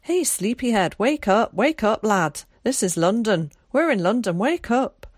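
A woman's voice: mid-range voice, sing-song, a little slow, slightly rough, no echo, clean studio sound, voice pushed up. A woman voicing a cheerful young man with a Scottish accent, teasing and rousing.

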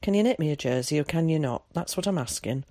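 A reader voicing a gruff, kind old countryman who speaks tersely in rural dialect, in an audiobook. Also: medium pitch, animated, fast, warm tone, no room sound, clean studio sound, close to an everyday voice. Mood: curt. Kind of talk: audiobook character voice.

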